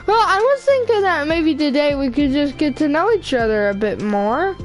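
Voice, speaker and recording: A woman's voice: sits high, very animated, moderate pace, faint music behind, poor audio. A woman reading a visual novel aloud, voicing a cheerful, friendly teenage girl with an upbeat, encouraging manner.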